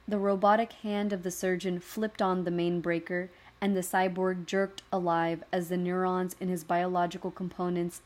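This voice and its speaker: A woman storyteller reading a dark science-fiction tale in a calm, measured way. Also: on the low side. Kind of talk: scripted narration.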